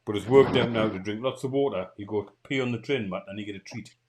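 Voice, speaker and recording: A man's voice: lowish voice, quick pace, a little mellow. A middle-aged man with a Geordie accent hosting a casual livestream chat, telling stories bluntly. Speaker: show host.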